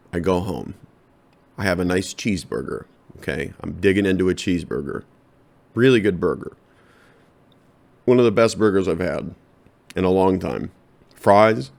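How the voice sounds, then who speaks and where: A man with a very deep, low-pitched voice rambles through a comedic solo podcast monologue. His delivery is deadpan and loose, and he addresses his listeners directly. He talks into a podcast microphone. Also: creaky.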